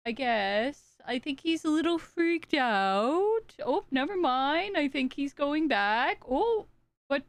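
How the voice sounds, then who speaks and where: Woman streamer, casual stream chat, scattered and muttering to herself, very slow drawl, dry close sound. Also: sits high, animated, dry recording. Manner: scattered, talking to herself and chat while searching settings.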